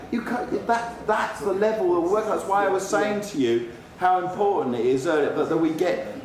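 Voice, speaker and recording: A man's voice: high voice, darkish tone. A musician arguing behind the scenes, earnest and emphatic as he explains himself. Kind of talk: heated behind-the-scenes argument. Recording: echoey room, distant mic.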